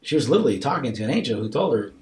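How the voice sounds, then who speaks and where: A man on a podcast telling a personal story in a casual interview, animatedly acting out both sides of the dialogue and dropping to a soft, hushed voice at tender moments. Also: mid-range voice, big pitch swings, rapid-fire, a loud crowd. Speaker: podcast guest.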